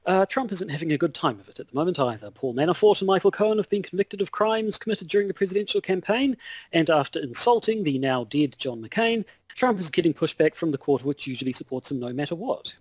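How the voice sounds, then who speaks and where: A man's voice: fairly high pitch, expressive, quick pace, slightly rough, dry recording. A man with a New Zealand accent, co-hosting a podcast and reading comedic news in a rambling, self-deprecating way. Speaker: podcast co-host. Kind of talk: scripted comedic news segment.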